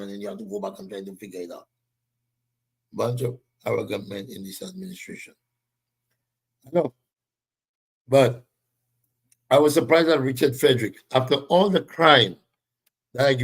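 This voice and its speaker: Husky man ranting politics. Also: mid-range voice. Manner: heated, emphatic, greets viewers by name. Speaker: political commentary show host. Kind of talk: live-stream political commentary.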